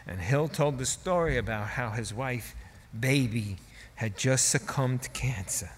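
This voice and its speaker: A man's voice: medium pitch, a little slow, big-room sound, a little hiss or hum. A male preacher telling a story in a sermon, in a conversational, folksy way with asides.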